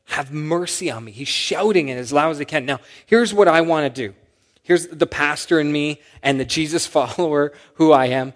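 A man preaches a sermon as a pastor, his voice sitting a little high for a man. He delivers it animatedly, punching quoted cries up into loud shouts. The sound carries a long reverb, like a large hall.

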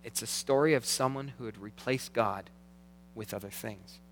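A man preaching a sermon as pastor, earnest, slowing down to read scripture aloud. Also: mid-range voice. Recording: long hall reverb.

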